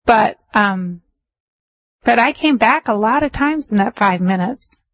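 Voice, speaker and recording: A woman meditation teacher giving a dharma talk, telling stories in a chatty way with laughs and easing into a calm, measured pace. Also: on the high side, no echo, low-quality recording.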